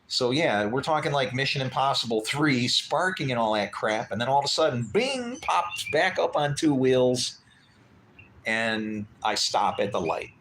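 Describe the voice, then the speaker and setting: A man's voice: mid-range voice, measured pace, a little hiss or hum. Middle-aged man telling a wild story. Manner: animated, acts out voices in his story. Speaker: livestream host. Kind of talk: casual storytelling.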